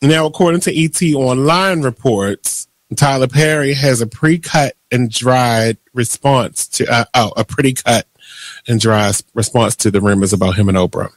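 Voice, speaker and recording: A man co-hosting a radio show, chatting about entertainment news in an animated, joking, ranting way. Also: medium pitch, normal speed, dry recording. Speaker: radio co-host. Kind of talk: casual entertainment-news chat.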